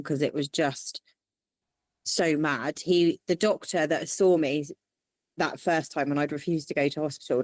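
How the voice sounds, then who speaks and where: Candid woman, low and dry. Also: dry recording. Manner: animated, quotes people in lively voices. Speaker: interview guest. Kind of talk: candid storytelling.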